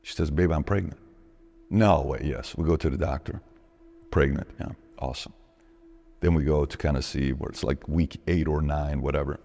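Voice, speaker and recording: A man telling a personal story in an interview, acting out the dialogue with lively shifts in his voice. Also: extremely low pitch, moderate pace, vocal fry. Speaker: interview guest.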